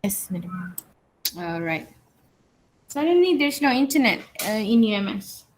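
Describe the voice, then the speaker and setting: A woman's voice: medium pitch, sing-song, unhurried, a little hiss or hum, poor audio. A woman lecturer teaching an online class, checking in often with "all right" and "okay" and stressing keywords as she repeats them. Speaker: university English lecturer.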